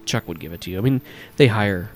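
Low-voiced male game master. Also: fast talker. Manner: casual, loose, filler-heavy. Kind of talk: narrating a tabletop game.

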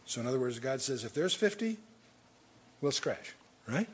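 A man's voice: mid-range voice, very animated, normal speed, slightly rough. A man leading a verse-by-verse Bible study, reading scripture aloud and then commenting on it in an easy, conversational way with frequent chuckles. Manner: chuckles often while talking.

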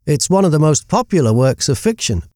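A man hosting a radio show, presenting a podcast chart countdown in a brisk style with dry humor. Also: fairly high pitch, sing-song, darkish tone, dry recording.

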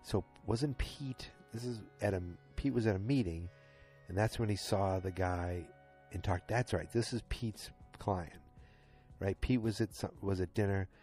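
Low, husky man rambling through a recap. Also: measured pace, a little mellow, faint music behind. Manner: rambling, often restarts and corrects himself. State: tired and yawning late at night. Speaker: podcast host recapping a TV episode. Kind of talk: casual episode recap.

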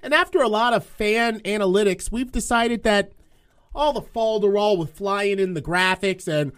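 A man's voice: high voice, normal speed, a bit bright, clear, resonant tone. A man hosting a podcast, leading segments with upbeat presenter patter. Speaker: podcast host. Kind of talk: casual podcast chat.

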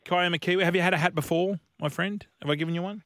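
A man's voice: high-pitched, steady tone, fast talker, a bit bright. An Australian man co-hosting a radio show and running a call-in quiz in a joking, laid-back way. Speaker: radio co-host and quiz master. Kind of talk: casual radio banter.

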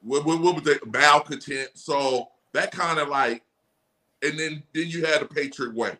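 A man in his forties, a former athlete guest, telling stories in a casual podcast chat, animated, laughing often and swearing freely. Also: on the high side, normal speed. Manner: animated storyteller, frequent laughs and profanity. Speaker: guest, former running back.

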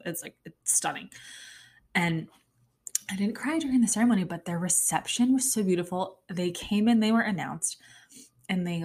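A young woman hosting a podcast, telling a story in casual chat with a lot of fillers and plenty of feeling. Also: lowish voice. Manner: chatty, lots of fillers, emotional storytelling. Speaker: podcast host.

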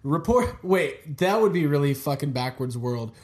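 A man's voice: on the high side, animated, normal speed, a little mellow. Jokey, swearing male podcast host. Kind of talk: casual podcast banter.

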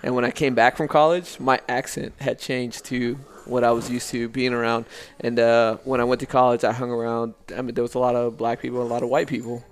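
A man's voice: mid-range voice, little pitch movement, fairly quick. A man from El Paso, a podcast guest, chatting in a laid-back, blunt way and swearing casually. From El Paso, Texas. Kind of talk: casual chat.

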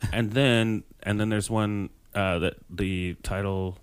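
A man co-hosting a podcast in casual chat, slow and halting, often breaking into laughs. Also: fairly low pitch, fairly even intonation, clean tone, no echo. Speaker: podcast co-host.

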